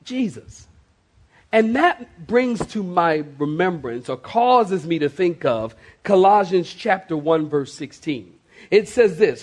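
A man preaching a sermon to a congregation in a church, slowing down sharply to stress key phrases and rising in emphatic bursts. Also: high voice, lively intonation, a little mellow. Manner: preaching with dramatic slowdowns and sudden rises. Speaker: pastor. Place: church sanctuary.

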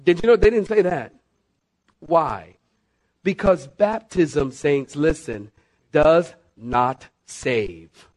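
A middle-aged man, a pastor, preaching a sermon with emphatic repeats of "listen" and sudden shifts between rushing and slowing down. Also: fairly high pitch, expressive, a little mellow. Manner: emphatic, repeats "listen" and "saints", varies pace sharply.

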